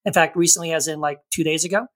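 A man's voice: a little high, steady tone, fast, a bit bright, rough recording. A man with a slight Texan accent co-hosting a podcast in casual chat, rambling and correcting himself. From Texas. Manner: rambling, self-correcting, playful. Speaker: podcast co-host.

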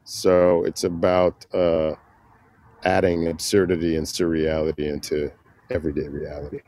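A man being interviewed, telling a story with laughs and acting out the people he quotes in loud voices. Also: deep voice, flat delivery, moderate pace, no echo. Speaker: guest, comedian and prank filmmaker. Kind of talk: animated anecdote telling.

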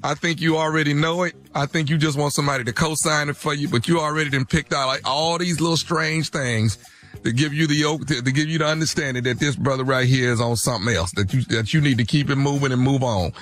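A man co-hosting a radio show, giving relaxed, slangy advice in casual chat. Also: fairly high pitch, fast talker, faint music behind. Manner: laid-back, slangy. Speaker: radio co-host.

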